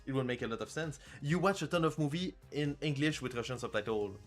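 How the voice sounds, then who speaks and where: A man talks over a livestream about the game he is making, rambling and joking with crude asides. His voice sits at an ordinary pitch, and faint music plays behind him. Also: fast. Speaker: indie game developer streaming. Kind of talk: casual livestream chat.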